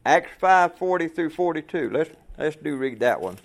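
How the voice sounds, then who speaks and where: Gravelly preacher man. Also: on the high side, lively intonation, normal speed. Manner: folksy, conversational preaching with rhetorical questions. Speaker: trucker preacher. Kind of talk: sermon.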